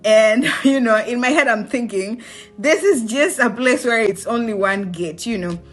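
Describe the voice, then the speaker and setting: Woman, Kenyan accent, young adult, casual vlog storytelling, animated, faint background music. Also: on the high side, measured pace. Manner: animated, mixes in Swahili slang, laughs often. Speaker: vlogger.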